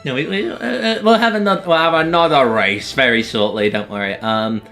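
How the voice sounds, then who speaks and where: A man's voice: mid-range voice, brisk, pushed and bright, soft background music. A man streaming a game, giving casual commentary with self-deprecating, laughing asides.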